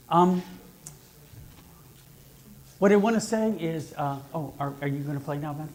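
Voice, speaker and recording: A man minister giving a sermon, telling stories in an animated, jokey way, speaking into a mic in a church sanctuary. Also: fairly high pitch, measured pace, pauses often. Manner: animated, jokey storytelling preacher.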